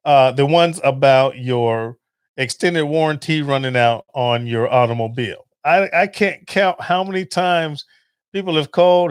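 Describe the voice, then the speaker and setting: A man's voice: medium pitch, measured pace, clear, resonant tone, no room sound, studio quality. A man hosting a podcast, chatting casually and animatedly as he tells stories and acts out phone calls. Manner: animated storytelling with laughs and acted-out phone calls. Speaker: podcast host. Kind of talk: casual monologue.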